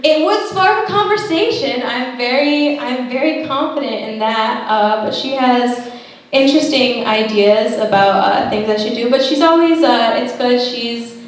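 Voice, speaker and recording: Young woman stand-up comic, high voice, self-deprecating, recorded from the back of a big echoey room. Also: measured pace. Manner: self-deprecating, animated voices for quoted people. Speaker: stand-up comedian. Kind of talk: stand-up comedy set. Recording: roomy echo, heard from a distance.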